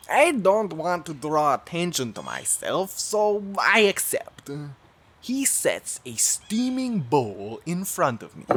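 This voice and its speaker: A woman reading a children's storybook aloud in a playful, animated way. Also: on the low side, takes it slowly, slightly rough. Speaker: storybook reader. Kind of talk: expressive read-aloud narration.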